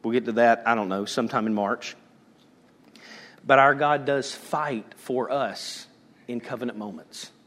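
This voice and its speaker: A man preaching a sermon as pastor, moving between loud calls and hushed, almost whispered lines. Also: mid-range voice, a little slow, in a large hall.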